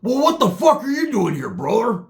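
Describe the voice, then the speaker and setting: A man's voice: extremely high pitch, wildly swooping pitch, normal speed, voice pushed up, exaggerated voice. A man voicing a brash, tweaked-out white ex-con who calls everyone brother. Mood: rowdy.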